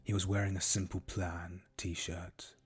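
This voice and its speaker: A man reading a fan story aloud in a deadpan voice, with groaning asides between chapters. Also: low-pitched, measured pace, breathy edge. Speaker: streamer reading a fanfic aloud. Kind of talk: mocking dramatic reading.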